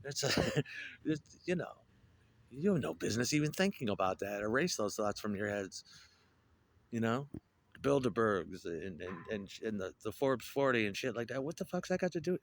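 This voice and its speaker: A man's voice: fairly low pitch, lively intonation, moderate pace. Profane rambling man telling stories. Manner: profane, digressive, wry storytelling. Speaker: storyteller. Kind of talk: rambling casual monologue.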